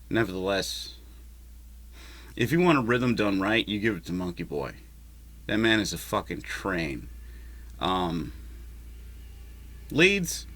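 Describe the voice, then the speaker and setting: Alone at home, a man who vlogs and makes music rambles to himself, swearing a lot and poking fun at himself. His voice sits low, a bit bright, with a breathy edge, and neighborhood lawnmowers drone outside.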